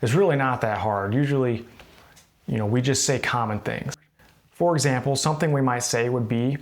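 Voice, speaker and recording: A man's voice: mid-range voice, fairly quick. A man with an American accent teaching workplace English, explaining casually and acting out example phrases. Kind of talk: instructional explanation to camera.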